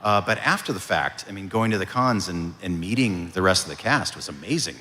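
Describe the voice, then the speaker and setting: A man, a voice actor, answering audience questions at a convention panel in a relaxed, storytelling way. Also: sits low, a little fast. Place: convention hall. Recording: reverberant convention hall.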